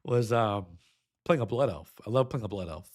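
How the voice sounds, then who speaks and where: A man's voice: lowish voice, lively intonation, normal speed. A young adult man streaming, reacting with emotion, choked up and nostalgic, humming a melody now and then.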